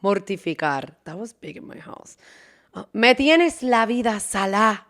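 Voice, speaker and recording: A young woman hosting a casual solo podcast, chatty and animated, laughing often and swearing freely. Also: medium pitch, moderate pace. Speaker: podcast host.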